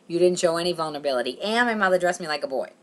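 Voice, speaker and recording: A young woman telling a comic story in a vlog, animated and self-mocking, acting out her own thoughts. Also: lowish voice, very fast. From Boston, Massachusetts. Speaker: comedian.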